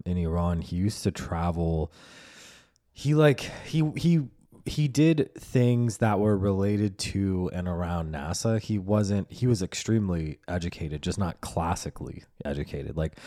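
A man's voice: low voice, dark tone. A man hosting his own podcast, talking alone in a rambling, loose way, swearing and laughing often. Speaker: podcast host. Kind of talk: casual solo podcast monologue.

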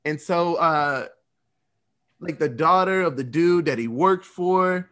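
A man's voice: a little high, takes it slowly, a bit bright. Rambling, swearing man recapping a film. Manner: rambling, swearing, laughing storyteller. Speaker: podcast host. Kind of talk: casual movie recap.

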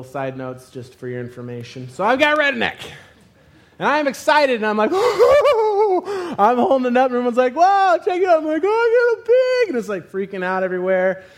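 A man preaching a sermon, telling a funny personal story and acting out the scenes with loud exclamations. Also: high voice. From Arizona.

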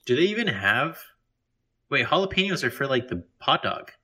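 A man's voice: medium pitch, sing-song, moderate pace, pushed and bright, breathy edge. A man co-hosting a casual podcast chat, asking curious, skeptical follow-up questions. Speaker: podcast co-host.

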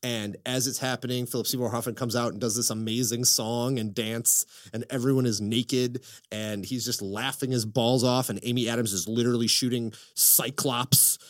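A man hosting a casual podcast chat, excitable and profane, telling stories with lots of energy. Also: medium pitch, moderate pace, hardly any pauses. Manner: excitable, profane, animated storytelling. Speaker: podcast host.

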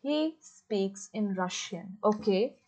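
A woman hosting a podcast in casual book chat, gushing and excitable, with lots of fillers. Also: mid-range voice, slow pace. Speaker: podcast host. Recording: dull lo-fi recording.

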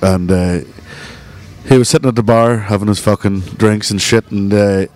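A man's voice: fairly low pitch, steady tone, moderate pace, a little mellow. A man, a bar co-owner, telling profane stories in casual chat and laughing as he goes. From Northern Ireland. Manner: profane storyteller, laughs mid-story.

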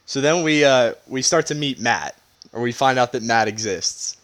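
A man's voice: mid-range voice, lively intonation, normal speed, a bit bright, no echo. A man co-hosting a podcast in casual chat, laughing often and retelling scenes with quoted lines over a video call. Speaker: podcast co-host.

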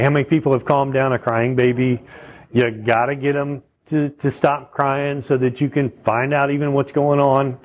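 This man's voice is mid-range and steady, moving at a normal speed. He preaches in a conversational, teaching way, frequently checking in with the audience and posing questions to them.

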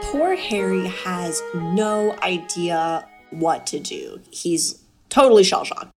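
A woman's voice: on the low side, expressive, takes it slowly, loud music behind the voice. Chatty, laughing woman podcaster. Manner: laughs often, playful and chatty. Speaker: podcast co-host. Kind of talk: casual book discussion podcast.

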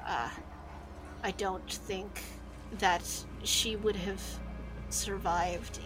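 A woman's voice: mid-range voice, steady tone, drawn-out words, pauses often, over music. A woman narrating as game master in a tabletop game, loose and hesitant, with many fillers.

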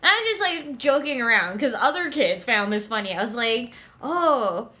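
A young woman with a high, bright voice co-hosts a casual chat podcast. She tells stories animatedly, acting out quotes and laughing often. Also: sing-song, normal speed. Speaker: podcast co-host.

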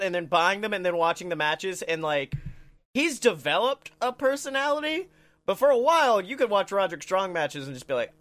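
A man co-hosting a wrestling podcast in casual chat, joking and laughing loudly, slipping into playful ad reads. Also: sits high, expressive, fairly quick. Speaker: podcast co-host.

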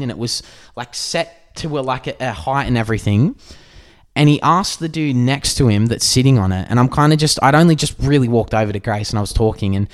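A man with an Australian accent co-hosting a podcast, telling stories animatedly with plenty of swearing. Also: medium pitch. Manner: animated storyteller, swears freely. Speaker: podcast co-host. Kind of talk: casual podcast chat.

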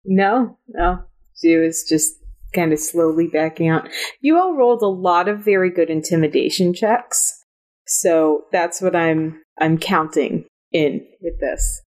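A woman game master narrating a tabletop game. She talks slowly and hesitantly, with many pauses and fillers. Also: on the low side, a little mellow.

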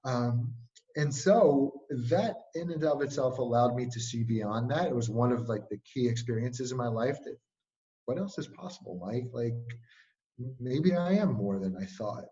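An interview guest who works as a speaking coach tells stories in a casual, energetic way, leaning heavily on "like" and other fillers. His voice sits at a medium pitch and moves at a normal speed, though the recording sounds muffled.

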